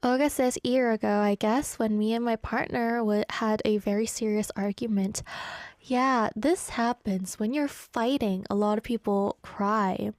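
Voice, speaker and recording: A young woman hosting a radio show in a studio, chatty and giggly, often laughing at herself as she reads listener messages aloud. Her voice sits a little high for a woman. The studio sound is dry and close, with no room echo. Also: fairly even intonation, unhurried. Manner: giggly, chatty, self-deprecating. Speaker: radio host. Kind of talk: casual radio chat reading listener messages. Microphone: studio microphone.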